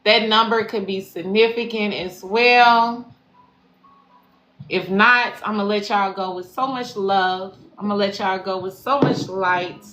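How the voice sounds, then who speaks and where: A woman's voice: mid-range voice, steady tone, unhurried, a bit bright. A woman spiritual life coach closing a live stream, slangy, affirming and profane, repeating phrases for emphasis. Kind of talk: live-stream sign-off to followers. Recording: echoey room with faint background noise.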